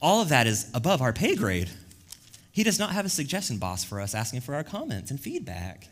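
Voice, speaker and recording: A man preaching a sermon as pastor, casual and slangy, moving from quiet reflection to loud, emphatic bursts. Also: medium pitch, huge pitch swings, brisk.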